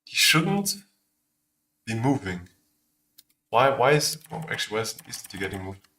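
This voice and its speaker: An Austrian man, a native German speaker with an Austrian German accent, chats casually on a livestream while making a game, distracted as he works. His fairly low voice has big pitch swings and a sharp tone, unhurried, with a little hiss or hum in the background.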